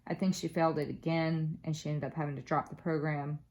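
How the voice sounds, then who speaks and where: A woman in her forties talks in a relaxed, meandering way, filling pauses with ums and uhs as she tells stories. Her voice sits a little on the low side. She sounds like a crafting vlogger chatting to her viewers. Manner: rambling storyteller with many fillers. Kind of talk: casual chat.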